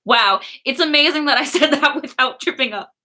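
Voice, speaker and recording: A woman's voice: high-pitched, normal speed, bright, forceful tone. A young woman chatting casually on a livestream, reading chat and laughing often. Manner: giggly, chatty, many fillers.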